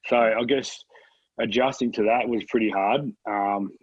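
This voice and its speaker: Laid-back Australian man, husky and swearing. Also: fairly low pitch, fairly even intonation, measured pace, no echo, lo-fi sound. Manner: laid-back, swears freely, laughs often. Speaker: podcast guest. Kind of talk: casual chat.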